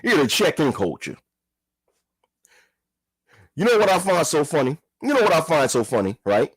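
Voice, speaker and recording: A man's voice: a little high, big pitch swings, normal speed, breathy edge, dry recording. A man giving a heated, profane commentary rant, repeating himself and firing rhetorical questions. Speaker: commentary vlogger. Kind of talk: ranting commentary.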